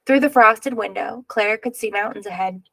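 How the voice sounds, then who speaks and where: A woman reads a children's picture book aloud, expressive and clear, with a gravelly, creaky voice. The recording sounds dry and close. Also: mid-range voice, normal speed, dry recording, poor audio. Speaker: reader.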